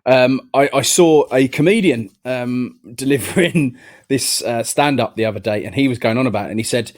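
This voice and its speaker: A man's voice: medium pitch, normal speed, a little mellow. A man co-hosting a casual chat, telling jokey stories with mock outrage. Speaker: podcast co-host.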